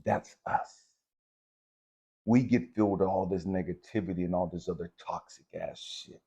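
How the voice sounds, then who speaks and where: A man's voice: low voice, steady tone, moderate pace, warm tone, husky. A man talking candidly and confessionally to viewers, swearing freely as he works through forgiveness. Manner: candid, profane and confessional, addresses viewers directly. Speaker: spiritual vlogger. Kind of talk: casual spiritual monologue.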